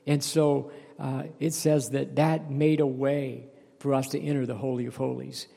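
A man delivers a sermon in a gravelly, warm voice. He reads a passage, then breaks it down with restarts and an occasional "Amen?" His voice carries a long reverb tail from the hall. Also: mid-range voice, little pitch movement, normal speed. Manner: reads scripture aloud then explains it, with restarts and calls of "Amen?". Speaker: pastor.

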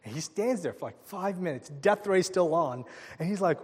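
A male pastor preaching a sermon, telling a personal story in an animated way and acting out the people in it. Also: high-pitched, moderate pace, breathy edge, big-room sound. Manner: animated storytelling with laughs and quoted voices.

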